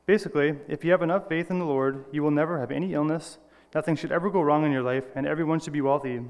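A man's voice: fairly high pitch, steady tone, quick pace, a little mellow, long reverb tail. A man giving an earnest, personal sermon, reading scripture and correcting small slips as he goes. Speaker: lay preacher.

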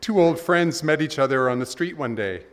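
A male pastor with a somewhat higher voice spins short humorous stories from the pulpit. His manner is relaxed and storytelling, setting up punchlines before his message begins. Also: moderate pace, long reverb tail. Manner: storytelling, playful. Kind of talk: sermon with jokes.

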